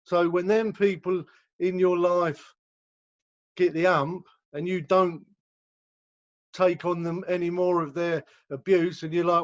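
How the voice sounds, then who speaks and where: A man's voice: high-pitched, steady tone, takes it slowly, pauses often. A man who runs a rehab center, explaining recovery in a casual talk over a video call and acting out the people in his examples. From England. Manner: conversational, acts out quoted voices. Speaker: rehab director. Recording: dull lo-fi video call audio.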